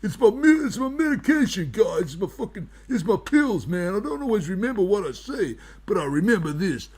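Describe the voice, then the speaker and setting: A man's voice: sits high, sing-song, fairly quick, a little mellow, slightly rough, heavily acted. A man on a livestream playing a boastful, paranoid wizard who swears constantly, rambles and threatens people. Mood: rambling. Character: foul-mouthed, boastful, paranoid self-styled wizard man. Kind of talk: improvised comedy bit on a livestream.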